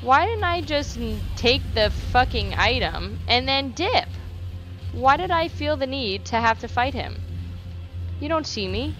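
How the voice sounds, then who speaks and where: A woman's voice: high-pitched, a little slow, soft background music. A young woman doing let's play commentary. She swears freely, repeats phrases and talks back to the game. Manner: animated reactions, repeats phrases. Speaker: gaming YouTuber.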